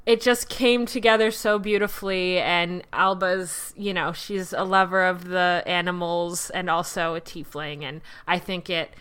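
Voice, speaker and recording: A woman hosting a podcast in casual chat, thinking aloud with many pauses and fillers. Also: fairly low pitch, steady tone, fairly bright tone, clean tone. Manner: thoughtful, hesitant, with many fillers. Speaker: podcast host.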